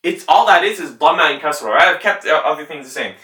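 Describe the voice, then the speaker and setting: A male Quran recitation teacher giving a tajweed lesson, patiently demonstrating letter sounds slowly and repeating them. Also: fairly high pitch, animated, sharp tone. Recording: roomy sound from a distant mic.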